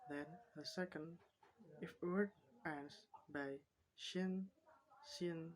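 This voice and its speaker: A woman with an Indonesian accent speaks in a low, unhurried voice. She lists example words one after another in a slow class presentation. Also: steady tone, low-quality recording. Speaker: student presenter.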